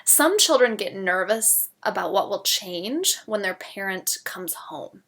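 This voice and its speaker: Gentle woman teaching parents. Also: medium pitch, very animated, unhurried. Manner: gentle, explains step by step with spoken examples. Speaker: parenting educator. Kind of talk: instructional talk with example phrases.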